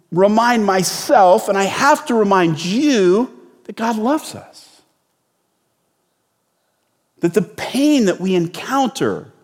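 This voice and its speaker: A man's voice: high voice, in a large hall. A male pastor preaching a sermon in a conversational, storytelling way with sudden bursts of emphasis.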